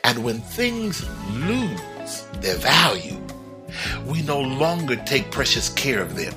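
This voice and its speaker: A man giving a reflective motivational talk on a broadcast, animated and chuckling often as he acts out everyday remarks. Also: mid-range voice, takes it slowly, music in the background. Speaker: broadcast speaker.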